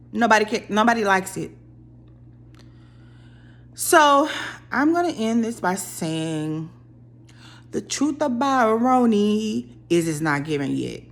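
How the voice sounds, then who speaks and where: A young woman holds forth on a reality series in a casual, opinionated rant. Her delivery is animated, and her voice leaps up sharply whenever she acts out what someone else said. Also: fairly low pitch. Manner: animated, opinionated, dramatic voice jumps when quoting people. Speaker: reality TV commentator.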